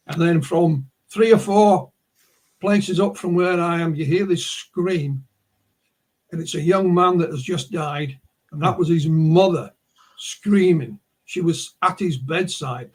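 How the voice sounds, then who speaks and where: A man's voice: fairly high pitch, unhurried, a little mellow. A man with a Yorkshire accent, a guest on a video call, telling stories in a rambling way with many restarts. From Yorkshire, England. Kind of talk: casual conversation, storytelling.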